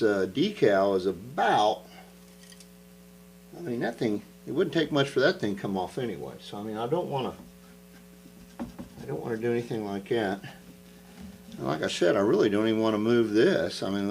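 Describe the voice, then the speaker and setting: A man's voice: medium pitch, sing-song, normal speed, creaky, pauses often, a little mellow, slight background noise, rough recording. A man talking casually to the camera while repairing an old guitar, rambling and thinking aloud as he works.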